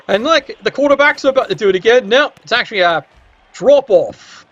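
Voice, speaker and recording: A man's voice: very high voice, animated, brisk. A man giving casual, wry commentary on a video game match and teasing the players. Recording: dull lo-fi recording.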